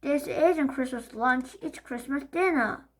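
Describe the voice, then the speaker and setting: Woman playing a shrill, whiny naughty boy. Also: measured pace, slight background noise, low-quality recording. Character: greedy impatient naughty young boy.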